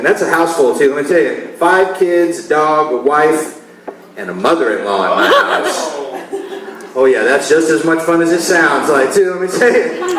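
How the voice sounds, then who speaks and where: A man's voice: fairly high pitch, a bit bright. Chuckling forties man doing stand-up. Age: 40s. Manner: loose, conversational, chuckling at his own jokes. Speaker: stand-up comedian. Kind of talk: stand-up comedy routine. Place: comedy club stage. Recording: echoey live club from far off. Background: audience laughter.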